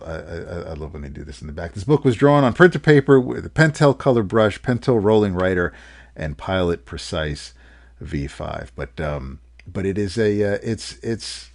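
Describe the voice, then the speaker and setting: A man co-hosting a comics podcast, casually recapping a story with many restarts and fillers. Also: low-pitched.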